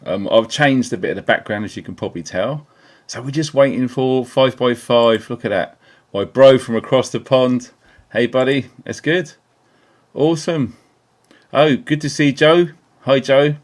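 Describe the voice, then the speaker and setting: A man's voice: medium pitch, moderate pace. A man from England hosting a casual live stream, upbeat and chatty, greeting viewers by name with lots of ums, into a small desk mic. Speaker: livestream host. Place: indoors at a computer. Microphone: small desk mic on keyboard.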